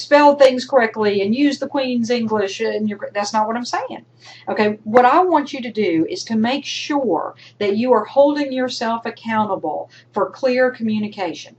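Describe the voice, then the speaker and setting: A woman's voice: a little high, lively intonation, measured pace, highs cut off. A woman college instructor giving recorded feedback to her students, emphatic and coaching, sometimes acting out imagined student voices. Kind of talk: recorded lecture to online students.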